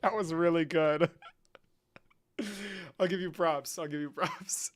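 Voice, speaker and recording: A man's voice: on the high side, slow, dry recording, studio quality. An American man hosting a live stream in casual chat, teasing and joking crudely with callers. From United States. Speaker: streamer and host.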